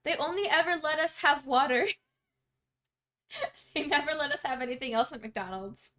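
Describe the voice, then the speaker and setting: Bubbly high-voiced woman streamer. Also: moderate pace, bright, forceful tone. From Canada. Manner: bubbly, giggly, chatty, reads chat aloud. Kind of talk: casual live-stream chat.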